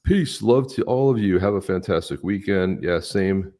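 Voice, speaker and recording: A man's voice: sits low, animated, moderate pace, darkish tone. A man co-hosting a live stream, chatting casually and upbeat, greeting viewers by name. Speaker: podcast co-host.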